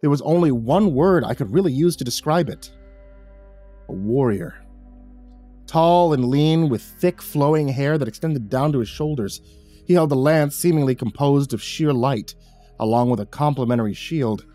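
A man narrating a first-person horror story in a steady, scripted delivery. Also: medium pitch, normal speed, faint music behind.

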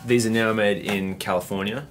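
Chill aussie guy showing off guitars, kinda low voice, faint guitar playing behind. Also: steady tone, normal speed. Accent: Australian. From Australia. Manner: easygoing, agreeable. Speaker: music store staff. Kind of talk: casual product chat. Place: music store.

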